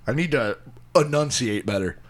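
A man's voice: medium pitch, lively intonation, normal speed. A man co-hosting a casual podcast chat, joking and crude, laughing often.

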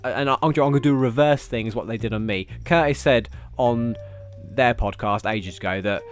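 A man, hosting his own podcast and rambling through stories, swearing constantly and getting animated. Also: medium pitch, a little fast, faint music behind. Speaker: podcast host. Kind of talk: casual solo podcast chat.

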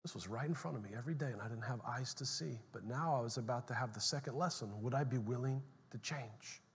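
A middle-aged man preaching a sermon as pastor, telling a story animatedly, dropping to a hush and then rising loud. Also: mid-range voice, fast talker, slightly rough. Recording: long hall reverb.

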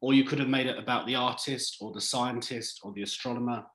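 A man who co-wrote a drama series, answering interview questions in an animated, thoughtful way. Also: medium pitch, quick pace, echoey room, low-quality recording. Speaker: series writer.

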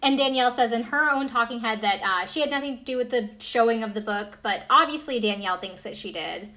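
Chatty, higher-voiced woman telling the story. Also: quick pace, bright, forceful tone. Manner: chatty storyteller, laughs easily, filler-heavy. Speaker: podcast co-host. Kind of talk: casual chat recapping a reality show.

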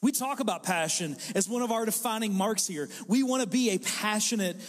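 Brief: male pastor, forties, high voice, casual joking sermon, church hall reverb. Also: brisk. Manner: conversational and joking, with animated impressions. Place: church hall with a live congregation.

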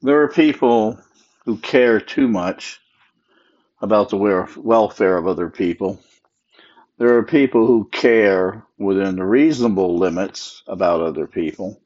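A man's voice: on the low side, unhurried, a little mellow, muffled recording. A sleepy man talking on a casual solo podcast, yawning and rambling with many fillers. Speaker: podcast host.

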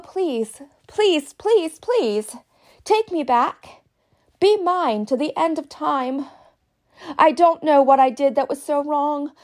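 Woman hamming up a heartbroken lady begging her ex, high and swooping, way over the top. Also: a little mellow. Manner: pleading, overwrought, repetitive begging.

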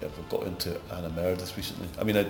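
A middle-aged Glaswegian man, an actor being interviewed, rambling through anecdotes that grow animated. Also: low-pitched, racing, vocal fry. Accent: Glaswegian Scottish. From Scotland. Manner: rambling anecdotes, gets animated telling stories. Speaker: actor guest. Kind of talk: casual interview chat. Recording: roomy echo, music behind.

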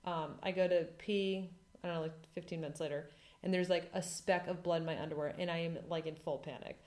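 Animated woman telling a story. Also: fairly low pitch, brisk. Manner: animated, dramatic retelling with lots of "like". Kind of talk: casual storytelling chat. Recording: echoey room.

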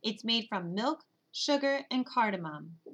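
A woman's voice: on the high side, animated, a little slow, a bit bright, slight background noise. Woman voicing a bossy, irritable older brother. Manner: irritable, commanding. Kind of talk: audiobook character voice.

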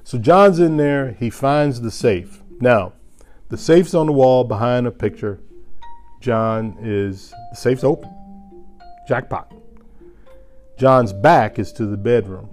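Male storyteller, casual and lively, chuckles often, mid-pitch voice, faint music behind. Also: slow pace, long pauses. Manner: animated, chuckling, rising loud at tense moments.

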